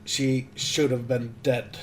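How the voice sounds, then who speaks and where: A man's voice: mid-range voice, level tone, slow, slight background noise. A man co-hosting a movie podcast, bluntly steering the casual chat with questions. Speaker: podcast co-host leading discussion.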